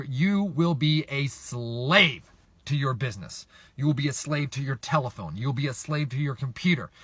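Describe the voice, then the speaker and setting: A man's voice: a little high, bright, forceful tone, slightly rough, dry recording. A middle-aged man coaching real estate investors on camera, emphatic and repetitive, often asking viewers to respond. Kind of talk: direct-to-camera coaching talk.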